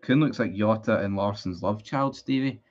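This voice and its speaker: A man's voice: fairly low pitch, moderate pace, highs cut off. A Scottish man streaming a live football watchalong, chatting with his viewers, frustrated and sweary about his team. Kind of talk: live match watchalong commentary.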